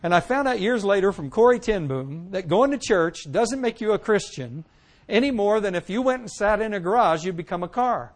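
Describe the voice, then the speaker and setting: A man preaching a sermon testimony, telling his story with animated swings from loud to hushed and acting out the lines he quotes. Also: sits high, brisk.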